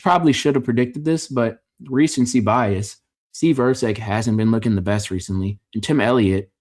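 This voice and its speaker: A man with a fairly low voice runs through a fight card in casual reaction commentary. He is opinionated and jokey, rambling a little and catching his own slips. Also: a little mellow. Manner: opinionated, joking, rambling with self-corrections. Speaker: MMA fight reaction host.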